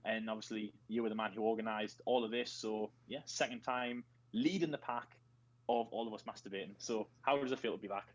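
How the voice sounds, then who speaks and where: A man's voice: lowish voice, steady tone, a little fast, lo-fi sound. Northeast English man hosting a call. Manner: joking, rambling introductions. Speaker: host. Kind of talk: casual group video call chat. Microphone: video call.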